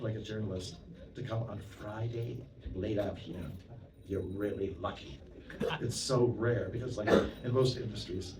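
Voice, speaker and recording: Male monk from Canada, chatty storytelling lecturer, heard from a distance with a crowd in the hall. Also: on the low side. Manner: chatty, anecdotal, with many "you know" asides and audience questions. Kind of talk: storytelling sermon to a temple audience. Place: temple hall. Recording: roomy hall, mic at a distance, audience present.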